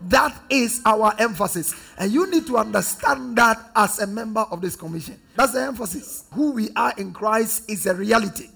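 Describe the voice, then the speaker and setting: A high-voiced pastor from Ghana preaches with fervour and leads his congregation in call-and-response. His voice is gravelly and husky, and he swings between ringing declarations and near-whispered repetition. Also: lively intonation, moderate pace, few pauses, faint music behind. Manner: emphatic, repetitive preaching, swings from loud to hushed.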